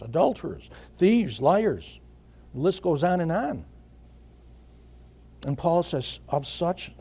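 Husky, mellow-voiced man preaching a sermon. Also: fairly high pitch. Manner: measured preaching with repeated phrases and frequent throat clearing. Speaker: pastor.

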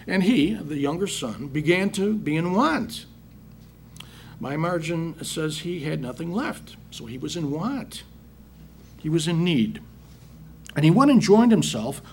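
A man's voice: fairly high pitch, vocal fry, slight background noise. A man teaching a Bible passage, reading verses aloud and then explaining them in plain words with emphatic rhetorical questions. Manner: reads scripture then paraphrases it plainly. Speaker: preacher.

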